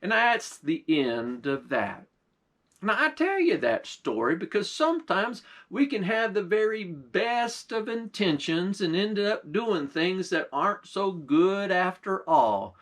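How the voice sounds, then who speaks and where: A man, a pastor, telling a folk tale in folksy, unhurried storytelling with dialect words, then closing with a short sermon. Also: high-pitched, very animated, a bit bright.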